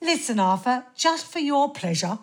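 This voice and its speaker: A woman's voice: high-pitched, expressive, normal speed. A woman playing Charlie, a chirpy host. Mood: chirpy banter. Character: cheeky Cockney radio host Charlie. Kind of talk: comic radio sketch.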